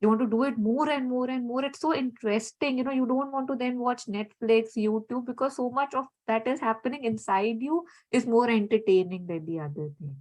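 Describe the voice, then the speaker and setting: A woman speaking in a reflective, conversational way, gently searching for her words and often saying "you know" as she explains. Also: on the high side, a little fast, few pauses, rough recording.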